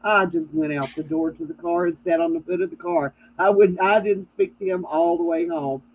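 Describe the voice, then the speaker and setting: A woman's voice: lowish voice, moderate pace, husky. A middle-aged woman telling family stories with laughs in a casual chat. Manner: storytelling, laughing at family anecdotes. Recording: dull lo-fi sound with faint noise.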